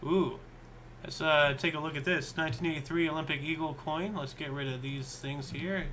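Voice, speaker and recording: A man's voice: fairly high pitch, steady tone, moderate pace, pushed and bright, slight background noise. A man co-hosting a history show, chatting casually and thinking aloud as he reads. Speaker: co-host.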